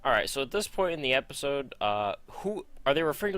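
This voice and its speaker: A man's voice: mid-range voice, very animated, fast, a bit bright, no echo. A man reading a script aloud, breaking off into rambling, profane, self-mocking asides. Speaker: script reader. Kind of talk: casual rambling read-through.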